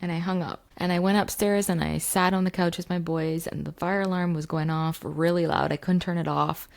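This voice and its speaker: A woman's voice: on the low side, steady tone, fairly quick, gravelly. A woman, a mindset coach, telling a story to camera in a chatty way with many fillers. She is recording in her home basement.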